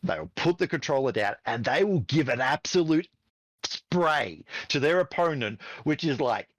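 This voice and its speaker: A man's voice: on the high side, moderate pace, no echo. A middle-aged man, a podcast guest who runs an esports team, telling fired-up stories in casual chat and swearing freely. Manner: animated, profane, fired-up storytelling.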